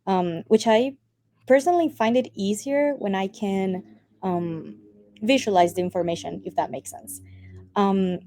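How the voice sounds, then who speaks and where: A woman with a Spanish accent and Spanish as her first language, giving a community call update with frequent pauses and ums. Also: medium pitch. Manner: soft-spoken with frequent ums. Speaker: community team member.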